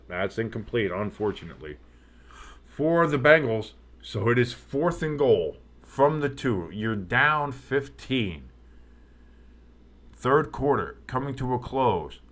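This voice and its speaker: A man calling a game live for his stream in a casual play-by-play style. His voice sits at an ordinary middle pitch. He gets excitable on the big plays and cracks jokes to his chat between snaps. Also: measured pace. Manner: excitable, joking, talks to chat.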